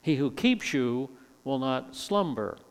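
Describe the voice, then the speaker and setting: A man's voice: mid-range voice, expressive, slow pace, in a large hall. An older man teaching a verse-by-verse sermon, emphatic and fond of repeating words for stress. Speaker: preacher.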